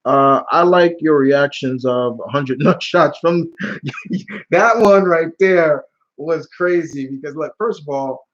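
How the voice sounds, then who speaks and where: A man in an easygoing live stream chat answers questions from his viewers and drifts into animated, rambling stories full of slang and restarts. His voice sits at an ordinary middle pitch, and the recording sounds a little dull and lo-fi. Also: slow.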